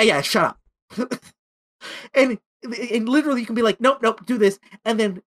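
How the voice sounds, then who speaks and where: Man co-hosting a chat show, animated storyteller. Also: high-pitched. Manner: animated storytelling with acted-out quotes. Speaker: podcast co-host. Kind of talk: casual chat.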